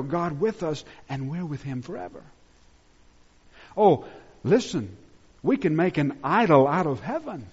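Male pastor, sermon, high-ish voice, dramatic loud-soft delivery, muffled recording. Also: slightly rough. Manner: dramatic swings between loud emphatic peaks and hushed low drops. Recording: muffled sound with long reverb in a large hall.

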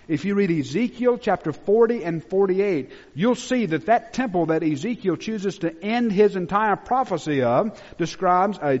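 Male pastor, sermon, high-ish voice, dramatic loud-soft delivery, muffled recording. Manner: dramatic swings between loud emphatic peaks and hushed low drops. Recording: muffled sound with long reverb in a large hall.

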